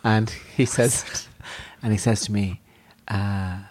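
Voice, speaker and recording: An Irishman co-hosting a casual podcast chat, teasing and cutting in with quick remarks. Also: lowish voice, fairly even intonation, a little mellow, husky. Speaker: podcast co-host. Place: pub.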